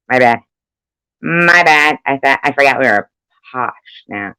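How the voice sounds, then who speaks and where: A woman's voice: a bass voice, animated, normal speed, pushed and bright, no echo, low-quality recording. A woman chatting casually on a live stream, rambling and swearing freely, laughing often between remarks. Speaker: livestreamer.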